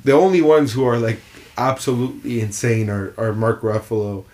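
Animated man chatting about films. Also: mid-range voice, normal speed. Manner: animated, rambling run-on opinions. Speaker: podcast co-host. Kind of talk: casual film chat.

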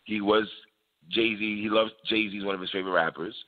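A man's voice: lowish voice, steady tone, fairly quick. A man in casual hip-hop debate chat, laid-back and slangy, who laughs often and repeats his phrases. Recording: tinny phone-like sound.

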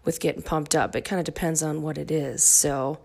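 A woman's voice: low-pitched, steady tone, normal speed, vocal fry, darkish tone. A middle-aged woman hosting her own dance fitness podcast, chatty and goofy with playful asides. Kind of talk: casual solo podcast talk.

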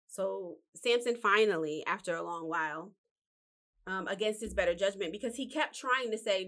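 Speaking at normal speed in a mid-range voice with a fairly bright tone, a vlogger retells a Bible story indoors. Her monologue is loose and chatty, sprinkled with fillers and asides.

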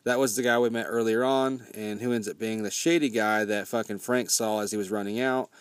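A man's voice: fairly low pitch, fairly even intonation, a little fast, clean tone, dry recording. A man recapping a movie in a loose, rambling style, swearing freely as he goes. His voice is recorded dry and close, with no room sound. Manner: rambling, profane, laid-back.

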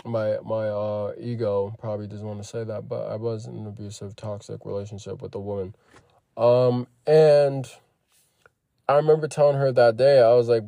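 Gravelly man telling a storytime. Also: lowish voice, normal speed, dry recording. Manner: profane, animated retelling that acts out quoted lines. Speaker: vlogger. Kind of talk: casual storytime.

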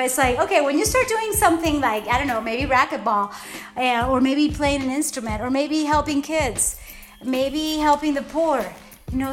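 A woman hosting a motivational podcast from home, talking off the cuff in a heartfelt, rambling, earnest way. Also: high voice. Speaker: podcast host. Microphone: podcast microphone.

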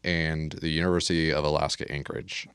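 A man's voice: extremely low pitch, brisk, clean tone, dry recording, clean studio sound. A young man, the guest, chatting casually about his training and cold winters, telling stories with wry exaggeration. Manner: relaxed storyteller, wry exaggeration. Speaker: guest, air traffic controller. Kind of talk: casual interview chat.

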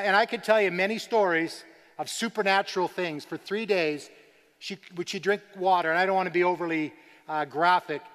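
A high-voiced Canadian man preaches in a large church, his words trailing off into a long hall reverb. He tells stories earnestly, then rises to emphatic declarations. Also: fairly bright tone. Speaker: guest speaker on persecuted church. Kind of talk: sermon.

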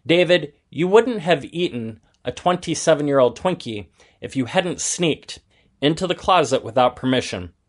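A man's voice: on the high side, animated, normal speed. A man reading aloud and voicing a patient, fair mother explaining things to her sons in a children's story.

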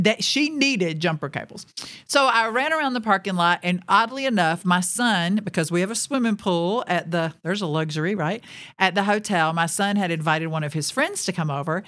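A woman's voice: lowish voice, fairly bright tone. A woman hosting her own podcast, telling a personal story in a chatty way with fillers and little laughs, recorded in a studio. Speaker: podcast host. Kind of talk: casual storytelling.

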